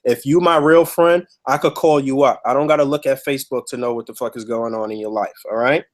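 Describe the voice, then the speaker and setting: A man's voice: mid-range voice, fairly even intonation, brisk. A man hosting a podcast, telling a story in a heated, emphatic, profane way. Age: adult with a child. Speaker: podcast host.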